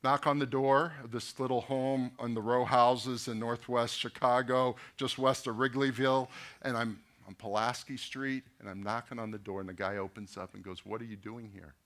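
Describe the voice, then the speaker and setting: A middle-aged man speaks as a pastor addressing a business luncheon. He tells animated stories, acting out the dialogue himself. He often turns to the crowd with direct questions. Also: mid-range voice, moderate pace. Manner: storytelling, animated anecdotes with quoted dialogue.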